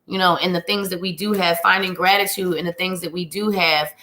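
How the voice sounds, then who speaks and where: A woman's voice: lowish voice, steady tone, a little fast, pushed and bright. A chatty woman hosting a live tarot reading stream, greeting viewers by name and reading cards in a bubbly way. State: slightly winded. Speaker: psychic reader hosting a live show.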